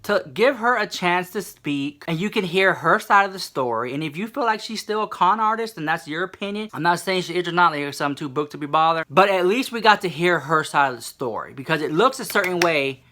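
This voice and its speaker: Sassy, animated man gossiping. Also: high voice, brisk, hardly any pauses. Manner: sassy, addresses listener as "girl". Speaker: commentary vlogger. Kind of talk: gossipy commentary monologue.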